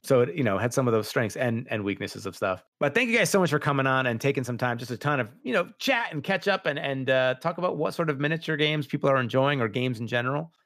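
Loose, rambling podcast host, dry sound. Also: male voice, medium pitch, lively intonation, fast talker, hardly any pauses, a bit bright, no room sound. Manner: rambling, loose, full of fillers. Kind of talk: casual chat about tabletop games.

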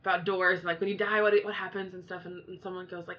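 A woman co-hosting a casual chat, rambling and animated with many fillers. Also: medium pitch, fast talker. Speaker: podcast co-host. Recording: dull lo-fi sound.

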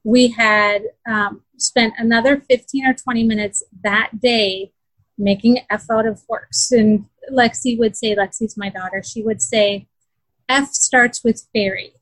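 A woman's voice: fairly high pitch, steady tone, unhurried, fairly bright tone, dry recording, poor audio. A woman in a casual interview, earnestly telling how her daughter struggled, with many fillers and restarts. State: close to tears. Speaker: parent describing her daughter's learning.

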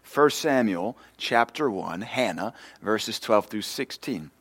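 A man preaching a sermon with impassioned, storytelling delivery that swells louder and higher. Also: lively intonation, takes it slowly, breathy edge, no echo. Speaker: pastor.

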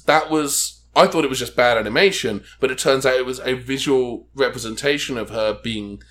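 A man's voice: mid-range voice, expressive, a little fast, fairly bright tone. Man, podcast co-host, sarcastic, rambling, casual comedy chat. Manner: wry, sarcastic, rambling with restarts.

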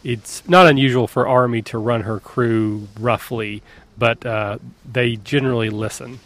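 A man's voice: medium pitch, measured pace, no echo. Male player, casual, easygoing, uh-filled delivery. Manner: relaxed, with fillers. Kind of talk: casual tabletop game play.

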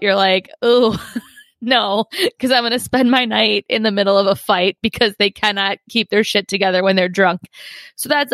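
A woman co-hosting a podcast in a relaxed, chatty way, breaking into laughs as she tells the story. Her voice sits at a middle pitch and is recorded close and dry, with no room sound. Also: dry recording. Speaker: podcast co-host. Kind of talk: casual true-crime chat.

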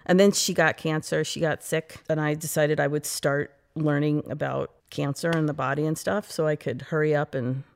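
A middle-aged woman from the United States, an interview guest, telling stories in a lively, chatty way and acting out her past self. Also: low-pitched, moderate pace, gravelly, few pauses. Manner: animated, quotes her past self, frequent laughs and "like". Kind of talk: casual interview storytelling.

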